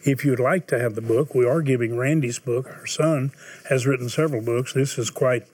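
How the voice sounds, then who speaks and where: An older man hosting a Christian TV talk show, steady and earnest, appealing to viewers in a preacher-like manner. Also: mid-range voice, moderate pace. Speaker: TV host.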